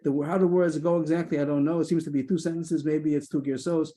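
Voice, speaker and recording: Over a video call, a Talmud lesson leader works through the text aloud, hesitating, restarting often, and dropping quick asides. He has a warm, fairly high-pitched voice that moves very little in pitch.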